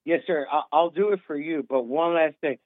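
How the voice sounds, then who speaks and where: A man's voice: on the high side, moderate pace, no room sound. A man in his thirties calling in, tipsy from drinking, rambling with lots of restarts and repeats. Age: 30s. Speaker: caller. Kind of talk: casual call-in talk. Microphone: phone. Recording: tinny phone line, dry.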